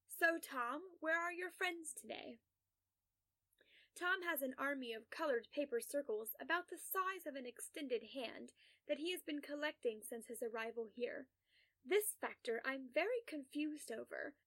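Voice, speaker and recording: A woman reading a first-person story aloud in a measured, condescending therapist's manner. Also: sits high, lively intonation, a bit bright. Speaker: narrator.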